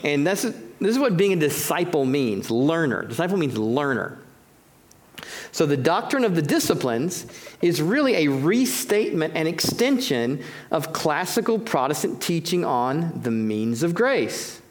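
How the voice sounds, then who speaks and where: A man preaching a teaching sermon, emphatic and conversational, slowing down to stress key phrases. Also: fairly high pitch, sing-song.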